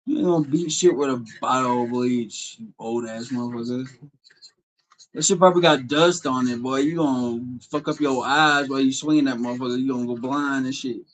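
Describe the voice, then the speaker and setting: A man's voice: mid-range voice, brisk, low-quality recording. A man live-streaming, taunting someone with crude trash talk and insults. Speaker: livestreamer.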